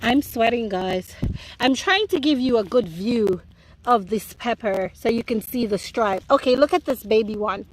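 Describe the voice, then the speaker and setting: A woman's voice: on the high side, moderate pace, slight background noise, low-quality recording. A woman with a Jamaican accent giving a chatty, playful tour of her home garden. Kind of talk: casual garden tour vlog.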